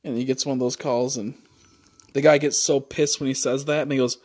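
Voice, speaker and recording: A man's voice: mid-range voice, level tone, a little fast, a little mellow. A man livestreaming, chatting casually and rambling with many fillers and casual swearing.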